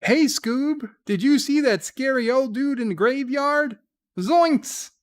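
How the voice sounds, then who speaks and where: A man doing a cartoon voice impression of a goofy, easily scared young slacker, with high, yelping exclamations. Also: slow. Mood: panicky. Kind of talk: cartoon voice impression on a live stream.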